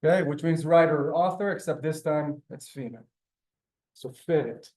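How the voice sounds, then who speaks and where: A man's voice: a little high, fairly quick, a little mellow. Patient man teaching a class. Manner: patient, step-by-step explaining, often checking in with the class. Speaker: Hebrew teacher. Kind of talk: classroom lesson.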